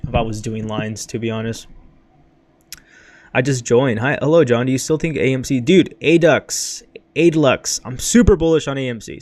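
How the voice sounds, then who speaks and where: A man's voice: medium pitch, a little mellow. A young man hosting a casual crypto livestream from his bedroom, hyped and rambling, wired on caffeine and a bit out of breath, with lots of "dude" and "bro". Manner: hyped, rambling, says freaking and dude a lot.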